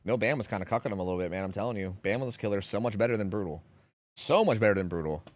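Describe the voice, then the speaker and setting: A man's voice: lowish voice, rapid-fire, slight background noise. A young American man chatting casually while streaming a game, rambling, swearing and humming to himself. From United States. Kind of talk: casual gaming livestream chat.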